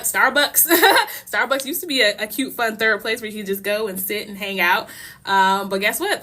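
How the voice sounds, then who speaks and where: A young American woman hosting a casual livestream, talking in a rambling, passionate way with quick laughs and many restarts. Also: mid-range voice, pushed and bright, a little hiss or hum. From United States. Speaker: livestream host.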